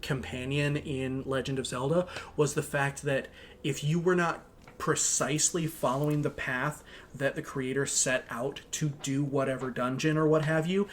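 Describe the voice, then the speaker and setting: A man's voice: medium pitch, fairly even intonation, normal speed. Guy rambling on a gaming podcast, lots of uhs and likes, faint hiss behind. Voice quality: rambling, lots of fillers and restarts. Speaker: podcast co-host. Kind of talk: casual chat.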